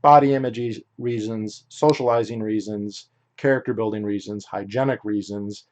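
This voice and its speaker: A man's voice: fairly low pitch, fairly even intonation, normal speed, a little mellow. A young adult man hosting a solo podcast, talking in a rambling, opinionated way with frequent restarts and self-corrections. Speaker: podcast host.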